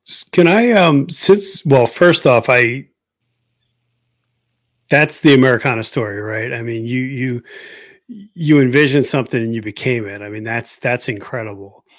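A man hosting a podcast, asking questions in casual chat with halting restarts. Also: medium pitch, no echo. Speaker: podcast host. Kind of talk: casual interview.

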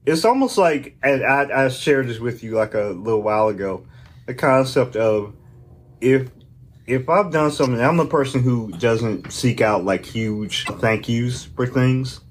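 A middle-aged man co-hosting a podcast in casual chat, animated and acting out imagined dialogue with loose, rambling asides. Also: medium pitch, unhurried. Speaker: podcast co-host.

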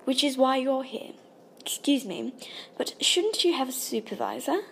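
A woman's voice: sits high, animated, a little slow, creaky, fairly bright tone, a little hiss or hum, voice pushed up, heavily acted. A woman reading an audiobook and voicing an anxious, polite adult woman who speaks formally. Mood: uneasy. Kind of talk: audiobook character voice.

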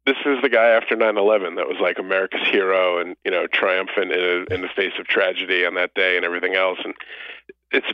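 A man on a call-in line who riffs excitedly and sardonically in casual chat. His voice sits a little low. The sound is muffled and lo-fi, dry, with no room around him. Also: fast talker, clean tone, no echo. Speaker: podcast guest on the phone. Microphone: phone call.

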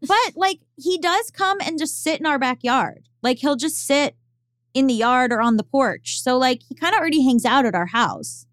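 A woman's voice: sits high, lively intonation, normal speed, fairly bright tone, no echo, studio quality. A woman co-hosting a podcast, talking candidly and rambling with lots of fillers. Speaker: podcast co-host. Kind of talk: casual podcast chat.

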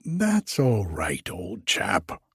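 A man plays a blunt, jovial stand-in innkeeper in a storybook reading, cheeky and quick with a retort. The voice is husky and gravelly, slow-paced, and recorded close and dry. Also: lowish voice, huge pitch swings, no room sound, heavily acted. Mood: soothing. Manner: blunt and jokey, talks back. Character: blunt, jovial man acting as hotel proprietor.

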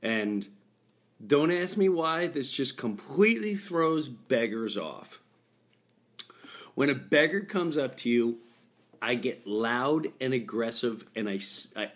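A man's voice: medium pitch, animated, takes it slowly, fairly bright tone. A middle-aged man hosting a casual chat in a hotel room, telling stories in a rambling, jokey way with lots of restarts. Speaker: podcast host. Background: construction noise.

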